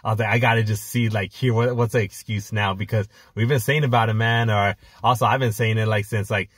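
A man co-hosting a fan podcast, talking in an excited, rambling way with lots of filler words. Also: lowish voice, brisk, slightly rough, no room sound, studio quality. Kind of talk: casual chat.

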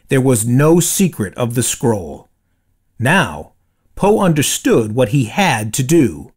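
A man narrating a children's storybook aloud, slow and deliberate. His voice is husky, and his pitch rises and falls in a lively, expressive way that suits bedtime stories. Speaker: storybook reader.

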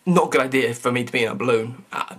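A man's voice: mid-range voice, rapid-fire, a bit bright. A young man, talking straight to camera in a rambling, stammering comedic rant full of mock outrage. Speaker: vlogger.

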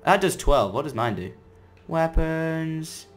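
A man giving chatty, excitable commentary as he plays a game, breaking into sudden loud outbursts. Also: on the high side, slow pace, soft background music. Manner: chatty running self-talk while playing. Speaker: gaming video creator. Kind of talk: let's-play gameplay commentary.

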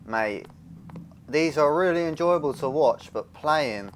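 A man's voice: fairly high pitch, animated, a little slow, background noise. Nervous swearing young man. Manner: nervous, swearing, rambling, jumpy. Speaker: gaming youtuber. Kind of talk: casual let's play commentary.

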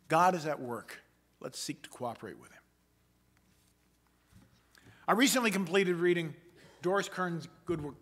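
A man, a pastor, preaching a sermon in a measured, emphatic way and slowing down for quoted passages. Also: fairly high pitch, a bit bright. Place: church sanctuary.

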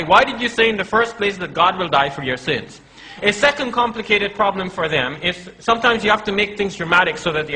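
Male preacher, high bright voice, argumentative lecture that slips into acted-out dialogue. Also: rough recording. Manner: argumentative, acts out quoted dialogue; addresses audience as brothers. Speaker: Islamic preacher. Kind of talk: religious lecture.

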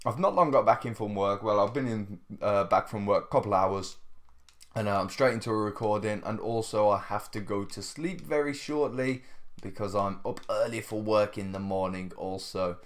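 This gaming video host, tired and yawning, offers laid-back gameplay commentary at a moderate pace in a lowish voice. He's chatty, laughs a lot, and keeps talking directly to his viewers.

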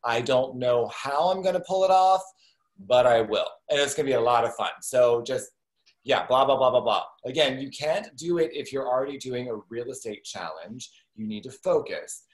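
A man's voice: mid-range voice, lively intonation, poor audio. Joking male podcast host. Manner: joking, self-deprecating, quick asides. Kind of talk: casual chat.

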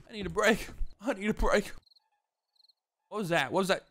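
A man's voice: high-pitched, animated, fast, a bit bright, slight background noise. A man commenting on his survival game playthrough in a jokey way, talking back to the game and its zombies, sometimes whispering. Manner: drops to a whisper at times. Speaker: gaming channel host. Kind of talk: let's play commentary.

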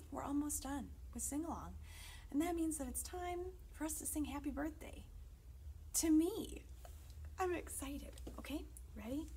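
A woman children's librarian leading a sing-along, cheery and coaxing, talking softly to the kids between loud chants. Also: sits high, a little hiss or hum, rough recording.

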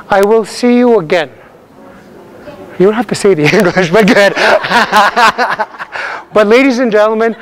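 A man teaching a language lesson to a live class, calling out words loudly for repetition and laughing often. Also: high-pitched. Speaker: Cree language instructor. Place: multi-purpose room with a live class. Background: class of learners laughing and repeating.

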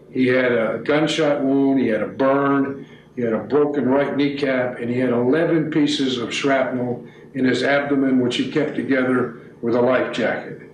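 Earnest man in a roomy space. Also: mid-range voice. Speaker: documentary producer. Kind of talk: on-camera introduction.

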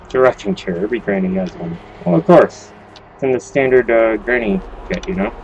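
A man's voice: medium pitch, big pitch swings, fairly quick, vocal fry, darkish tone, dull audio, a little hiss or hum. Joking man commenting on a game. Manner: joking, swears casually. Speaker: let's play host. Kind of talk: casual gameplay commentary.

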